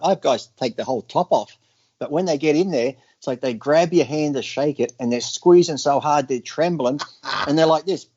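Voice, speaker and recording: A man co-hosting a podcast, telling animated stories in casual chat and laughing often. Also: mid-range voice, fairly quick, breathy edge, muffled recording. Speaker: podcast co-host.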